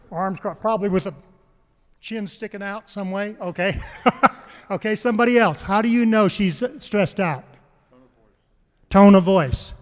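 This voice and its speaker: A man giving a talk to a live audience, telling stories and asking the crowd questions, then repeating their answers. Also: sits high. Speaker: panel speaker on farm mental health. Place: conference hall. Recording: long hall reverb.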